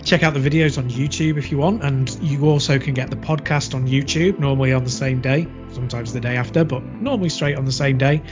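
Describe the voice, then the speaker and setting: A man's voice: medium pitch, steady tone, a little fast, few pauses, over music. A man co-hosting a gaming podcast in casual chat, laughing easily. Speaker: podcast co-host. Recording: dull lo-fi podcast audio.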